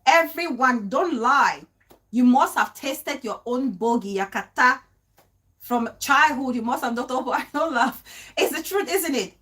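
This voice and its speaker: A woman talks to her livestream audience in an animated, chatty way. Her voice sits a little high, and she repeats phrases for emphasis, stops to greet viewers by name, and laughs easily. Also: measured pace. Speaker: livestream host. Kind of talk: casual live-stream talk to viewers.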